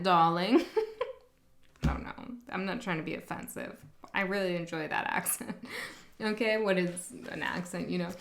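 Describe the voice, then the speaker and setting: A woman's voice: medium pitch, pushed and bright. Chatty woman giving a tarot reading. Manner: chatty and upbeat, laughs often mid-sentence. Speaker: tarot reader. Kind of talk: casual tarot reading to camera.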